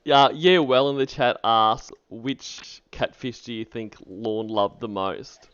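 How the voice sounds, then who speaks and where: A man's voice: medium pitch, takes it slowly, a bit bright, clear, resonant tone, dull audio. A man hosting a stream, chatting casually and wryly while reacting to a recording. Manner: wry, rambling, laughing. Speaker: stream host.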